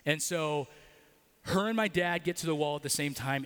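A man's voice: on the high side, normal speed, fairly bright tone, clear, resonant tone, in a large hall. A man preaching a sermon in a church, telling a personal story with casual fillers and leading a prayer. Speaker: pastor. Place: church building.

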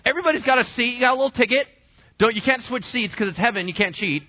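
A man preaching a sermon as a pastor, conversational and animated, asking the congregation rhetorical questions. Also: extremely high pitch, fast. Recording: dull lo-fi dry recording.

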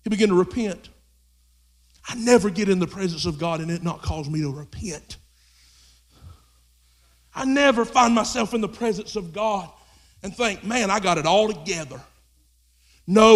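High-voiced preacher man, shouting and hushed. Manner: swings from low intimate talk to shouted preaching. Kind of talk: sermon. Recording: long hall reverb.

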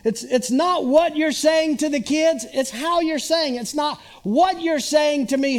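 High-voiced unhurried preacher man in his sixties. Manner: conversational, asks the congregation rhetorical questions. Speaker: pastor. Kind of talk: sermon.

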